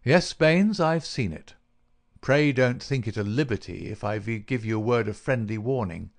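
A man voicing a brisk, confident detective who speaks in an assured, emphatic way. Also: mid-range voice, animated, close to an everyday voice.

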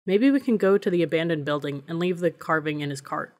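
A woman's voice: sits low, lively intonation, a little fast, darkish tone. A woman reading as a wary teenage boy. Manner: cautious, reluctant.

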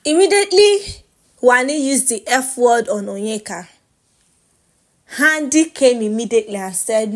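A young Nigerian woman with a Nigerian accent, recapping reality show drama in a casual gossip vlog, animated and laughing with Pidgin asides. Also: on the high side, unhurried, pauses often.

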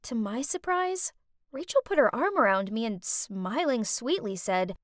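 A woman giving scripted first-person narration of an animated story, in an expressive, dramatic way. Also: on the high side, unhurried, dry recording, studio quality.

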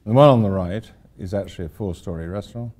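A man's voice: low voice, fast, noisy background. An older man, an architect giving an informal lecture, rambling through anecdotes with wry asides.

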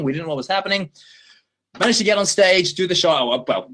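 A man hosting a livestream and answering viewer questions in a chatty, animated way, often laughing. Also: high-pitched, quick pace, slight background noise. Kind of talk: casual chat.

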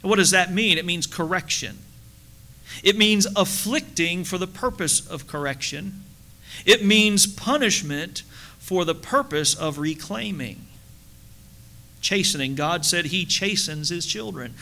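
A man's voice: high-pitched, expressive, measured pace, bright, forceful tone. A middle-aged male pastor preaching a sermon in a church, conversational and humorous, asking the congregation questions. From United States. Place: church sanctuary.

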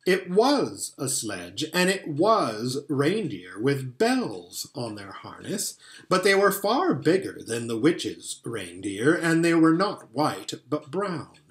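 A man reading a children's storybook aloud in an expressive way, now and then stumbling and restarting a phrase. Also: mid-range voice, takes it slowly. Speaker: audiobook reader.

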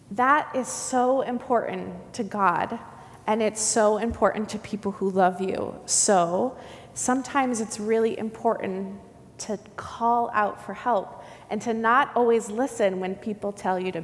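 A woman pastor giving a children's sermon in a church, telling the story with lively voices. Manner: animated storytelling, acts out the crowd's shouting. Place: church sanctuary. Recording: church hall reverb, faint rumble.

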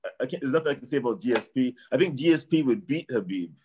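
His voice is medium-pitched, warm, and husky, with lively intonation and a rapid-fire delivery. A middle-aged martial arts trainer from Canada, he's a guest in a casual sports chat who rambles, repeats himself, and tapers off with "I don't know."

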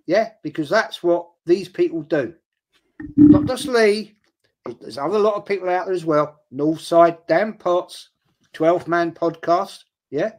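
A middle-aged man chats bluntly on his livestream and reads out comments from viewers. His voice sits a little on the high side for a man. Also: unhurried, a little mellow. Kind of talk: casual livestream chat.

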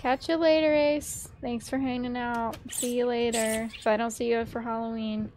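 Loud, swearing woman streaming a game. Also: on the high side, flat delivery, normal speed, slight background noise. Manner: loud, profane, joking at the game. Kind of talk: casual gaming commentary.

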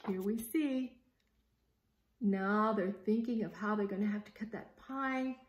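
A woman reading a picture book aloud to a child, gentle and slow, stopping to explain. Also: medium pitch, muffled recording. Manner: frequent fillers before reading. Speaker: story reader.

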